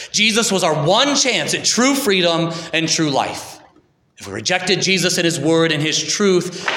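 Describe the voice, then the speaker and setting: A man telling a story in dramatic scripted narration, building quickly and slowing for emphasis. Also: on the high side, pushed and bright. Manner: dramatic, shifts between quick build-ups and slow emphasis. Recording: echoey hall with long reverb.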